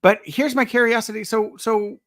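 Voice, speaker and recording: A man's voice: sits high, fairly even intonation, normal speed, fairly bright tone, no echo, studio quality. A man hosting a casual live chat, polite and hesitant, restarting his sentences often. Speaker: host.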